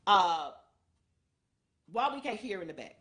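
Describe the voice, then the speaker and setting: A woman hosting a show, recapping an event in a casual, animated storytelling way, acting out what people said. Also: mid-range voice, unhurried. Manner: animated storytelling, acts out quotes. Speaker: show host.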